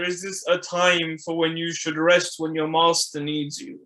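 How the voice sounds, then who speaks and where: A man delivers a mournful religious recitation in a high, bright voice. His pitch stays level as he laments with impassioned, dramatic pauses. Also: little pitch movement. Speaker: majlis reciter.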